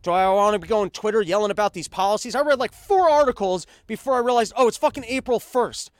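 A man's voice: high voice, fast, no room sound, studio quality. A man hosting a podcast, ranting casually and sarcastically with lots of swearing and stammered restarts. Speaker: podcast host.

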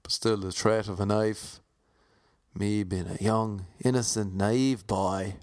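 A man from Cork with a Cork accent spins a comic yarn in a lowish voice. He rambles, second-guesses his own details and drops wry asides as he goes. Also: steady tone, takes it slowly, a little mellow. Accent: Irish, Cork. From Ireland, Cork. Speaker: storyteller. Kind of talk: comic anecdote monologue.

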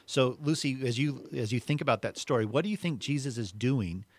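A man's voice: mid-range voice, animated, fairly quick. A man reading a Bible passage aloud and then discussing it in a reflective, conversational way. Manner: reflective, uses computer metaphors. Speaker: co-host.

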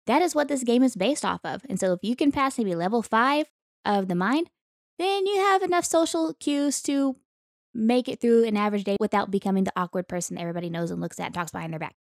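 A woman's voice: fairly high pitch, lively intonation, fast talker, no echo, studio quality. A young woman co-hosting a podcast, chatting casually and cracking teasing jokes. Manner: playful, teasing quips. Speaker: podcast co-host.

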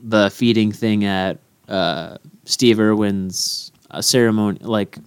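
Man with a smooth, dry voice. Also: lowish voice, slow, dry recording. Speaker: podcast co-host. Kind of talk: casual sports podcast banter.

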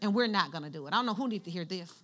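A woman's voice: on the low side, lively intonation, very fast, fairly bright tone. A woman pastor preaching a sermon in church, using call-and-response and having the congregation finish her lines.

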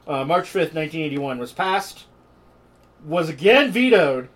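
A man's voice: fairly high pitch, very animated, measured pace, a bit bright, poor audio. Jokey man reading history notes. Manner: irreverent, jokey asides while reading notes. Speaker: podcast co-host. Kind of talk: casual chat and reading history.

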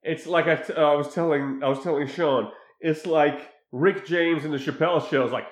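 A man in casual chat recapping a movie, animated and laughing as he acts out scenes. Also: fairly high pitch, brisk, hardly any pauses. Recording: echoey room.

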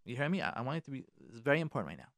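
A man's voice: mid-range voice, big pitch swings, rapid-fire, a bit bright, no room sound, studio quality. Emphatic man giving marriage advice. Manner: emphatic, repeats phrases, sprinkles Yiddish and Hebrew words. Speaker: rabbi and marriage therapist. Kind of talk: radio advice talk.

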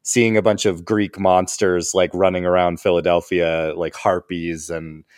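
A man co-hosts a casual film podcast, listing criticisms in a steady, critical way. His voice is very deep, recorded dry and close. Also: dry recording. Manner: critical, listing complaints, quick agreeing.

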